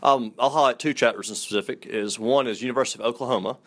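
A man's voice: mid-range voice, fast, fairly bright tone. A man in his twenties from Mississippi with a Southern accent, answering interview questions in a friendly, easygoing way. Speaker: fraternity headquarters staffer.

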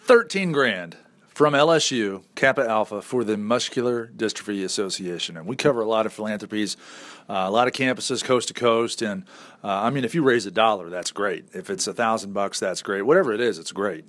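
A man's voice: lowish voice, fairly quick, a bit bright. A man with a Northern US accent hosting a talk show, chatty, upbeat and jokey while interviewing guests. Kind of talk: casual interview.

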